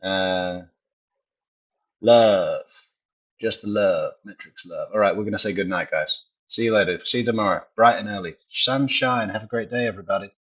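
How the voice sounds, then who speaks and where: A man hosting a livestream, casually chatting with viewers and saying goodnight in a relaxed way. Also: on the low side, moderate pace. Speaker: livestream host. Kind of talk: casual stream sign-off. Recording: dull lo-fi audio.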